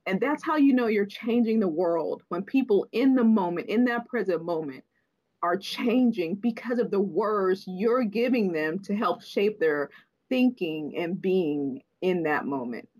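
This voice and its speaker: A middle-aged woman, a neuroscientist guest in an interview, speaking thoughtfully with fillers and slowing down to stress key points. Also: mid-range voice, expressive, a little mellow, rough recording. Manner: thoughtful, frequent fillers, slows for emphasis. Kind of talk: interview conversation.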